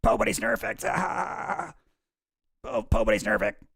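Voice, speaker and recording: A man's voice: high-pitched, very animated, a little slow, gravelly, a bit bright, breathy edge, no room sound, studio quality, voice pushed up, full character voice. A man doing an impression of a shaky politician who always sounds on the verge of tears. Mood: tearful, defensive. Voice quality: quavering, on the verge of crying.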